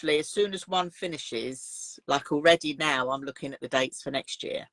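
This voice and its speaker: A woman's voice: low-pitched, a little fast, a bit bright, dry recording. Fields: Sex: woman. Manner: chatty, detailed. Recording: dry. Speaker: craft teacher running retreats. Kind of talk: casual interview chat.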